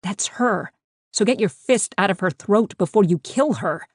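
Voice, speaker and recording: A woman's voice: medium pitch, expressive, normal speed, no room sound, clean studio sound, lightly acted. A woman voicing a stern, commanding male pack leader who speaks stiffly and in clipped phrases.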